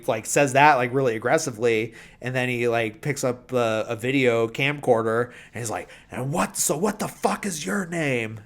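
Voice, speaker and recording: A man's voice: mid-range voice, clean tone. A man hosting a podcast, casually recapping a film's plot with lots of fillers and mumbled quoted lines. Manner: rambling, filler-heavy, drops into quiet mumbled quotes. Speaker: podcast host.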